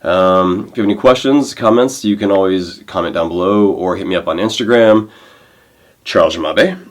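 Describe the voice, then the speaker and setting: A man's voice: low voice, normal speed. Laid-back rambling young man vlogging. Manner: rambling, animated storytelling with many fillers and restarts. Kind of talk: casual chat to camera.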